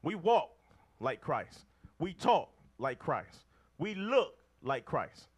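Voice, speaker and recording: Man, preacher, high-pitched, very animated, emphatic, call-and-response. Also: slow pace, breathy edge. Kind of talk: street-style sermon to a group of men.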